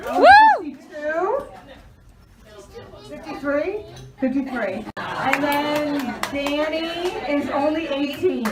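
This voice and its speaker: A woman in her fifties giving an emotional birthday toast for her uncle, laughing through her stories. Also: high voice. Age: 50s. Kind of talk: family party speech. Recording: echoey room from far off. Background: loud crowd chatter and noise.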